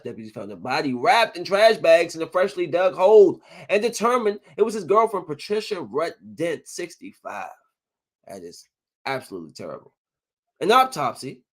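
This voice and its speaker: A man hosting a casual solo podcast, talking animatedly, trash-talking with plenty of profanity, and reading news stories aloud with his own comments. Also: a little high. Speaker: podcast host.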